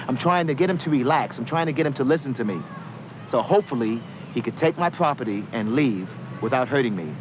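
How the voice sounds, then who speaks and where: A man speaking calmly to camera, giving measured, earnest advice on staying safe during a robbery. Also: mid-range voice. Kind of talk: direct-to-camera educational talk. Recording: dull lo-fi 1970s film sound, faint street noise.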